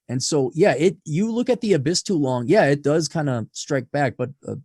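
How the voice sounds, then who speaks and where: Man, podcast guest, brash and profane, higher-pitched, dry. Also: lively intonation, moderate pace, husky, no room sound. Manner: brash and profane, swings loud then low. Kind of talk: blunt conversational interview.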